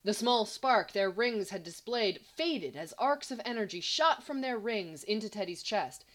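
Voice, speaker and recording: Brief: a woman reading fiction aloud, measured and even. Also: medium pitch. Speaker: story reader. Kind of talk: read-aloud fan fiction narration.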